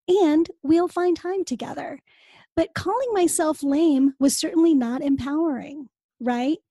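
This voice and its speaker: A woman's voice: high-pitched, mellow, no room sound. A woman hosting a podcast, talking earnestly and speaking straight to her listeners. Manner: earnest, addresses listeners directly. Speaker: podcast host. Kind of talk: casual podcast conversation.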